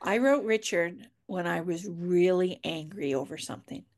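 A woman's voice: on the low side, normal speed, a little mellow. An author chatting casually about her books, acting out quoted dialogue as she tells a story. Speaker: author guest. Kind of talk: casual chat.

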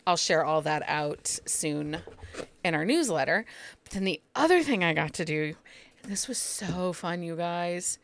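A woman's voice: lowish voice, lively intonation, measured pace. A woman hosting a podcast in casual chat, chatty and laughing often. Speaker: podcast host.

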